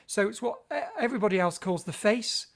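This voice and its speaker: A man's voice: high voice, fairly quick, creaky. A man leading a vocal health workshop for teachers, chatty and playful with theatrical asides.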